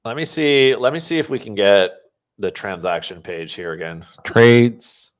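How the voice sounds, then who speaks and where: A fairly low-pitched man hosts a live stream. He thinks aloud as he plays a trivia game and chats to his viewers in a relaxed, offhand way. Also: moderate pace. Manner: talks to chat. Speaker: podcast host.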